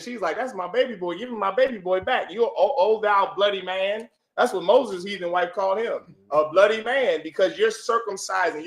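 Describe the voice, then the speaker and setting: A man's voice: high voice, a bit bright. Emphatic preaching man in an echoey room. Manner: emphatic, repeats rhetorical questions. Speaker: religious class teacher. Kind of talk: preaching class with questions to listeners. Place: room with audience.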